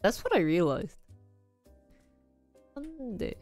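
A woman's voice: medium pitch, sing-song, moderate pace, faint music behind. A woman streamer in casual live-stream chat, laughing often as she reads lists aloud and tries out pronunciations. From Korea. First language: Korean.

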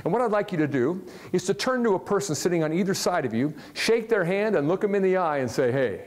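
Animated man giving a motivational talk. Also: high-pitched, fast. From Ohio, USA. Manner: animated, jokey, asks the audience questions. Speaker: motivational speaker. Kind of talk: live motivational talk to an audience. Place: large hall with a live audience.

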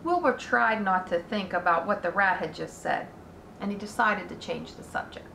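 A woman teacher reading a children's book aloud in a slow, deliberate manner. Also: medium pitch, vocal fry, sharp tone, slight background noise. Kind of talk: read-aloud storytelling. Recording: roomy echo.

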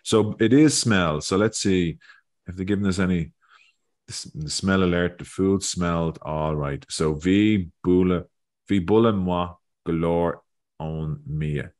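An Irish-learning video host leads a relaxed language lesson over a video call, thinking out loud and repeating words as he goes. His voice is low and somewhat dark, with a measured pace.

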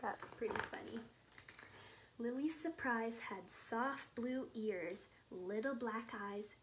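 A young woman, a children's librarian, reading a bedtime story with gentle, chatty asides to children. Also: fairly high pitch, expressive, slow pace, slight background noise, poor audio.

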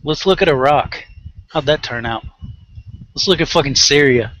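A man's voice: a little high, normal speed, fairly bright tone, dry recording, poor audio. A man ranting angrily and sarcastically on a live online talk show, swearing heavily and mocking the people he argues against. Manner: heated, sarcastic, heavy swearing, mocking mimicry. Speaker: co-host of a weekly online rant show. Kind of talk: angry profane rant on a live stream.

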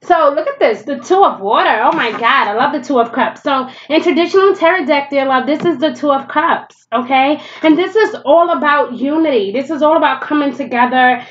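Woman, fairly high voice, casual blunt tarot reader, stuffy nose, slightly dull recording. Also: brisk, few pauses, a little hiss or hum. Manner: chatty, blunt, swears freely, laughs often. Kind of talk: casual tarot reading to camera.

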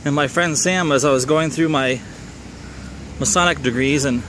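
A man's voice: a little high, moderate pace, fairly bright tone, a little hiss or hum. A middle-aged man from Minnesota with a Minnesotan accent, telling a casual personal story in a wry, rambling way that doubles back to correct himself.

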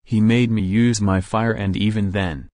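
A man's voice: on the low side, steady tone, unhurried, darkish tone, no echo, lightly acted. A man voicing a cold, reserved teenage boy hero in a fan story reading, with a cool, clipped delivery.

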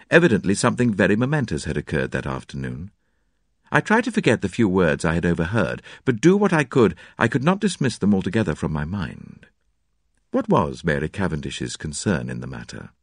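A man narrating a classic detective novel in an expressive, dramatic storytelling manner. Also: low-pitched, fairly quick, slightly rough, no echo, studio quality. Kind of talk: audiobook narration.

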